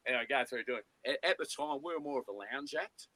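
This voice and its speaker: A man's voice: mid-range voice, expressive, quick pace, few pauses, bright, forceful tone, slight background noise, rough recording. A man, a co-host and musician, telling rambling anecdotes in a casual chat, acting out quotes and restarting his sentences.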